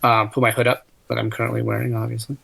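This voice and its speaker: A man's voice: mid-range voice, completely flat delivery, fast, gravelly, a bit bright, slightly rough. A man playing a tabletop game, describing his character's actions in a rambling way and speaking heatedly in character with a lot of swearing. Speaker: player. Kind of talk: casual tabletop role-play.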